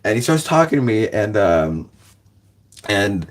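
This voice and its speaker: A man's voice: on the low side, very animated, brisk. A young man telling a long, rambling story in a loose, casual way, full of "like" and "guys" and bursts of laughter.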